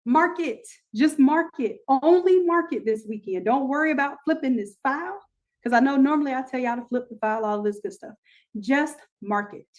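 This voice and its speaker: Hosting a live design class online, a woman teaches and promotes offers with plenty of energy, talking straight to her viewers and repeating herself. She speaks briskly with lively intonation and a slightly mellow tone, though the audio is poor.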